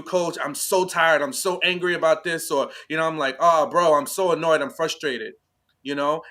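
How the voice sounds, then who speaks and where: A man's voice: a little high, bright, forceful tone. A man co-hosting a podcast, reacting to a reality show in casual discussion, who keeps checking in with "right?" and "you know?". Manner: talks it through, tags points with "right?" and "you know?". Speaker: podcast co-host.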